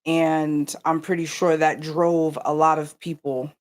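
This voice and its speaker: A woman's voice: low voice, unhurried. A woman co-hosting a casual livestream chat, telling stories animatedly and talking straight to her viewers. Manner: animated storyteller, addresses viewers directly. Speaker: yarn company co-host.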